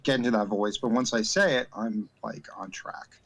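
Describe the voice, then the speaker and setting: Low-voiced man, halting casual talk. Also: a bit bright, slight background noise. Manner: halting, many "uh" fillers and repeated starts. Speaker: game master. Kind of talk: casual chat.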